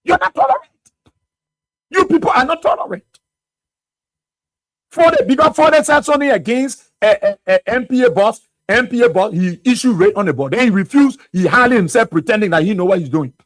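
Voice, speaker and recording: A man's voice: high voice, animated, fast, few pauses, no echo. A Liberian man hosting a radio talk show, delivering fiery political commentary full of rhetorical questions. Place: radio studio.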